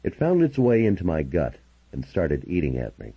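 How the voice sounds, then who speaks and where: A man reading a first-person novel aloud as an audiobook narrator, with a husky voice and a dramatic storytelling delivery. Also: low voice, wildly swooping pitch, moderate pace, highs cut off.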